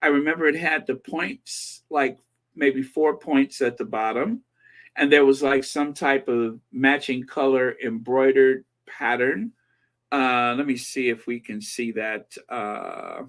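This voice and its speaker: A man's voice: mid-range voice, expressive, unhurried, fairly bright tone. A man hosting a livestream, reading viewer comments in a chatty, rambling way and thinking aloud. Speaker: livestream host reading chat. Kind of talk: casual chat.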